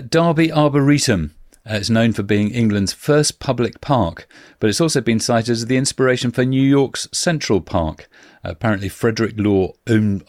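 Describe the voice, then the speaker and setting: A man's voice: on the low side, dry recording. A man hosting a casual podcast, reading out local facts with frequent filler sounds and dry jokes. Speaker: podcast host.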